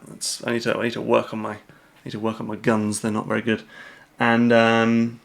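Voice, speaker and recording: Gravelly British man chatting on a livestream. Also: medium pitch, a bit bright. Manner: rambling, self-deprecating, many fillers and restarts. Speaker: host. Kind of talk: casual livestream chat, reading out chat questions.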